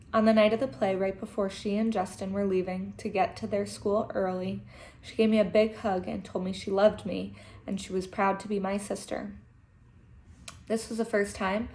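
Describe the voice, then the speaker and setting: A teacher reading a children's novel aloud to her class, gentle and expressive, with emotional asides. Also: medium pitch, slight background noise.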